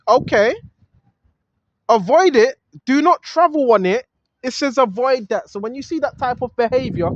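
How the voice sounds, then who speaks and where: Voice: high-pitched, dull audio. A vlogger, talking outdoors on a street into a handheld phone. The talk is a repetitive, preachy monologue that quotes scripture and keeps asking "right?".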